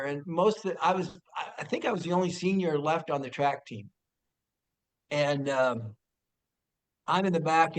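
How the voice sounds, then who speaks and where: A man's voice: on the high side, poor audio. An older man, a former player, telling stories casually and laughing as he goes. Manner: laughing while telling anecdotes. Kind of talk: casual storytelling.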